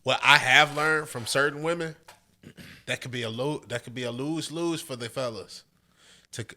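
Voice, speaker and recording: A man chatting casually on a podcast, relaxed and slangy, sometimes acting out other people's voices. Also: medium pitch, normal speed. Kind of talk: casual chat.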